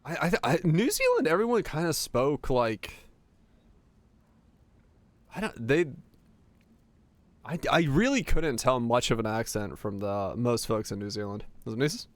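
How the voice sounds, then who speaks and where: A young man chats loosely with viewers on a game stream. His voice sits at an ordinary middle pitch, and he rambles through restarts and fillers. The sound is dry and close, with no room in it. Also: sing-song, unhurried, long pauses, no room sound. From Finland. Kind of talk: casual chat while streaming, answering chat.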